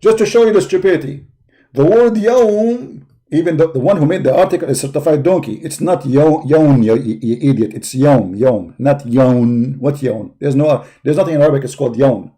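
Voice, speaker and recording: Mocking, combative man with a dark voice. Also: a little high, fast, hardly any pauses. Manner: mocking, insulting, emphatic repetition. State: tired voice. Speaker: host of a live call-in debate stream. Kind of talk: combative livestream commentary while searching a website.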